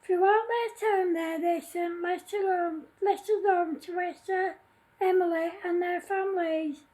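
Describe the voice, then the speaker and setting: A woman's voice: very high voice, dark tone, poor audio. A woman reading her own story aloud in a plain way, with small slips and restarts.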